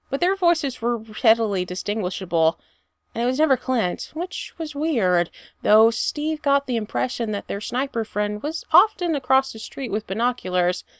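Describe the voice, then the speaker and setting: A woman reading a fan fiction story aloud with expressive storytelling. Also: a little high, smooth, no echo, clean studio sound. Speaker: reader.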